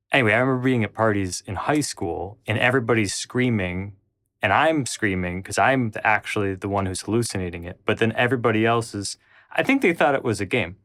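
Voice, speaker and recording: A man's voice: fairly low pitch, dry recording, clean studio sound. A man telling a personal story, rambling with frequent restarts and acting out what people said. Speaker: channel host.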